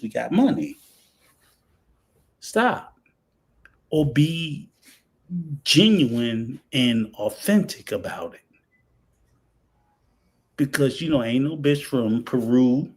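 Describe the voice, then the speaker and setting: A man in his fifties chatting casually on a podcast, halting with many fillers and restarts, then ranting with heat. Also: mid-range voice, a little mellow. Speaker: podcast host.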